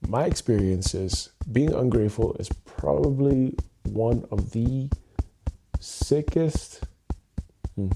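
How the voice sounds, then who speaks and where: A man hosting a tapping livestream who rehearses his intro over and over, swears casually and thinks aloud with long pauses while seated at his desk. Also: mid-range voice, over music. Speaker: livestream host, EFT tapping coach. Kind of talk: unscripted livestream self-talk. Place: seated at his home workstation.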